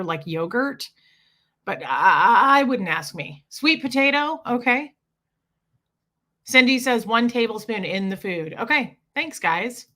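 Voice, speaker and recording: Bright-toned woman hosting a chatty live stream. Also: on the high side. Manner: chatty, greets viewers one by one by name. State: husky just-woke-up voice. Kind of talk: casual live-stream chat with viewers.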